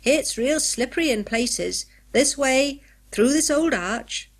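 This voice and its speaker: A woman voicing a gruff, cheerful old male cave guide who talks in folksy rustic dialect. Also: high-pitched, expressive, takes it slowly, voice pushed up, full character voice. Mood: folksy, teasing.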